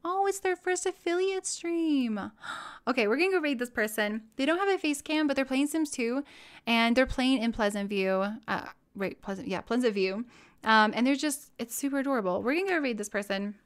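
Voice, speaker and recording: A young woman chatting casually with her live-stream audience, bubbly and easily excited as she browses and talks. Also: a little high, a little fast.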